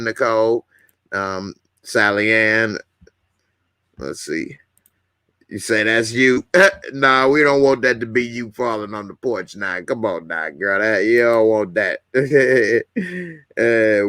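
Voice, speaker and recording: A man's voice: on the low side, pushed and bright, no echo, clean studio sound. A man casually hosting a live stream, chatting with viewers, greeting commenters and laughing often. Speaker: YouTube host.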